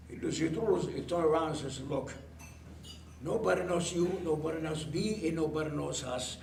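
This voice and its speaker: A man's voice: a little high, moderate pace, creaky, a little mellow. A man telling a stand-up joke, acting out both people in it with changing voices and chuckles. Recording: roomy, distant, faint noise.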